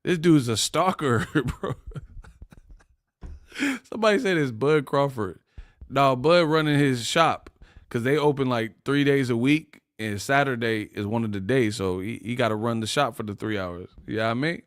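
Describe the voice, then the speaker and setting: A man's voice: medium pitch, normal speed, no echo, clean studio sound. A man hosting a casual boxing livestream, laughing often and trash-talking his chat readers.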